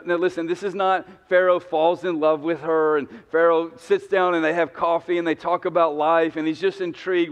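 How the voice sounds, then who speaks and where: A man preaching in a church sanctuary, telling stories in a joking, conversational way. His voice sits a little high for a man, and a long hall reverb trails after his words. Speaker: pastor. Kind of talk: humorous sermon.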